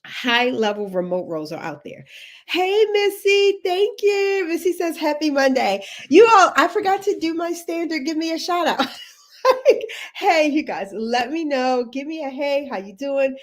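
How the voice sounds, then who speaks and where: A woman's voice: high voice, lively intonation, normal speed. A woman from Texas with a Texan accent, hosting a casual livestream as a career coach, chatty, laughing often and greeting viewers by name.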